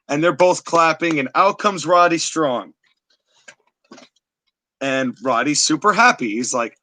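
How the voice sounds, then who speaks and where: Bright-voiced chatty male podcast host. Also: a little high, a little slow, no echo. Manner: animated, chatty, with filler words. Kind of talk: casual storytelling recap. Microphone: live-stream setup.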